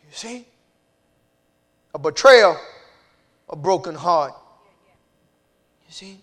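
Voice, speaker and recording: A male preacher, his voice high and bright. He moves from quiet, low asides to shouted peaks. Along the way he acts out scripture dialogue in different voices. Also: lively intonation, takes it slowly. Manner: acts out dialogue between God and Hosea in character. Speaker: pastor. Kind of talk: sermon.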